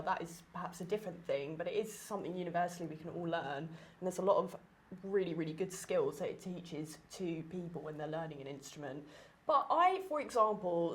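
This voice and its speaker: Congested chatty woman podcaster. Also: lowish voice. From Essex, England. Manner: chatty, animated, many fillers. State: congested and tired. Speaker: podcast host. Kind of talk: casual conversation.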